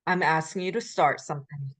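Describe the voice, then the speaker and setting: A middle-aged woman giving a recorded language lecture as the instructor, explaining patiently with frequent ums and pauses. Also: low voice, fairly bright tone, breathy edge.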